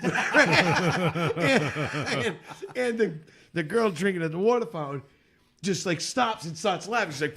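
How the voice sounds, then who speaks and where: A man's voice: high-pitched, expressive, normal speed, fairly bright tone. A man co-hosting a podcast, telling a story in casual chat, laughing often and acting out quotes in a raised voice. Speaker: podcast co-host.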